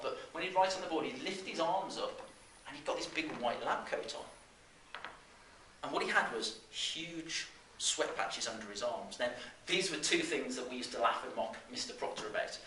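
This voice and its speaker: A man in his thirties from the West Midlands of England, telling a story to a live audience in an animated way, with plenty of fillers and restarts. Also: medium pitch. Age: 30s. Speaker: business speaker. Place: seminar room. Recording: roomy live room, distant mic, faint noise.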